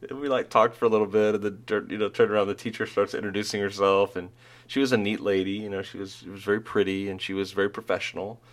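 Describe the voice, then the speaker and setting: A man's voice: lowish voice, level tone, quick pace. A middle-aged man telling rambling school stories in casual chat, laughing at his own jokes.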